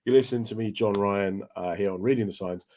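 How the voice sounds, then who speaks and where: A man's voice: on the low side, quick pace, dark tone. Chatty British man hosting a radio show. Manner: storytelling, chatty, acts out quotes. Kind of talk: casual chat.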